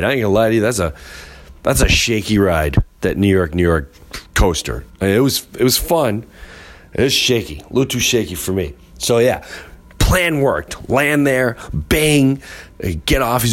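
A man hosting a podcast, telling a comic story with animated delivery and acting out other people's voices. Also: mid-range voice, normal speed. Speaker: podcast host.

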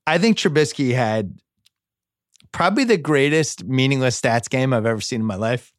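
Man, sports podcast host, casual chat, mock-sentimental, excitable, dry close-miked sound. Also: dry recording. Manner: mock-sentimental, excitable, quick bursts of rising pitch.

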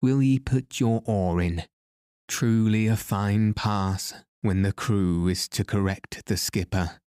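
A gruff ship's skipper, curt and short-tempered, voiced by a male storyteller. The voice is very low and slow, with a dry, close sound. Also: darkish tone, no echo.

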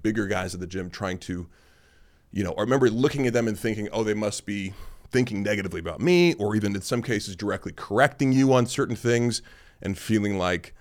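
A man around forty hosting a podcast, talking in a blunt, sarcastic and casual way, with offhand fillers. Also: fairly low pitch. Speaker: podcast host and lifting coach. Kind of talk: casual monologue.

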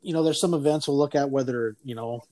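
Male podcast host, mid-pitched voice, relaxed, agreeable chat. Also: fast. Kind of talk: casual conversation.

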